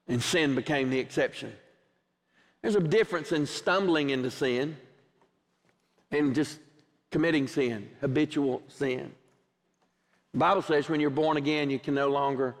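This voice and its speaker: A middle-aged pastor delivering a sermon, his fairly high voice carrying a long reverb through the church sanctuary. He tells a story from his own life and plays out the back-and-forth dialogue himself. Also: fairly bright tone. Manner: storytelling preacher, acts out both sides of conversations.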